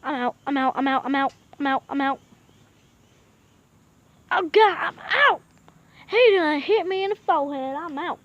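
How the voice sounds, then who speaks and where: Very high-pitched panicky young woman gamer. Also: moderate pace, pauses often, no room sound, highs cut off. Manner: excitable, panicky, yelling. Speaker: gaming video host. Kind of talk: let's play commentary.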